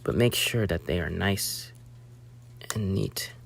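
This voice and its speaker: A young man casually narrating a hobby build, rambling and talking to himself with sudden excitable outbursts. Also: sits low, slow, vocal fry, husky.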